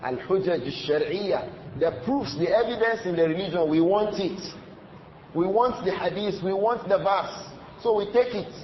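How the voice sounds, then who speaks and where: A man's voice: high voice, lively intonation. A man giving a religious lecture, explaining a classical text in repetitive, emphatic English. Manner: reads Arabic passages quickly, then explains them in repetitive, emphatic English. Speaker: Islamic teacher. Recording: roomy, slightly dull recording with faint noise.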